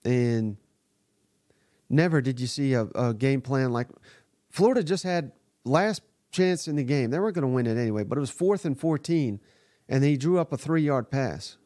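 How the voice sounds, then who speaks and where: Male podcast host, mid pitch, dry close-miked sound, blunt and exasperated, swears freely. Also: lively intonation, normal speed, dark tone, dry recording. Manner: blunt, exasperated, profane commentary. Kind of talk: live sports reaction podcast.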